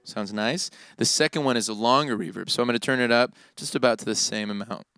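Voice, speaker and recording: A man teaching worship keyboard in a relaxed, casual way, often tagging his points with "right?". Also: medium pitch, fast talker, over loud music. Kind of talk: casual instructional talk. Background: keyboard playing.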